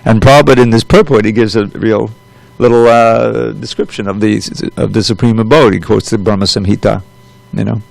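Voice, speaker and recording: Gravelly-voiced man giving a scripture class. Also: lowish voice, steady tone, brisk, darkish tone, no echo, low-quality recording. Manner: conversational, loose asides with frequent "you know". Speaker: temple class speaker. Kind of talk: scripture reading and lecture.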